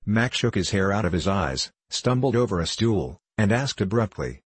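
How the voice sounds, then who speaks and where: A man narrating a classic novel in a measured storytelling manner. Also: lowish voice, very animated, breathy edge, dry recording. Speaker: audiobook narrator.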